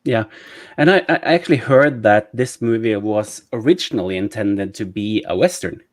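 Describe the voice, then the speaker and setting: A man in his thirties with a Norwegian accent, chatting about a movie in a halting way, full of fillers and restarts. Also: fairly low pitch, lively intonation, dry recording, studio quality. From Norway. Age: 30s. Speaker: podcast co-host. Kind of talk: casual movie discussion.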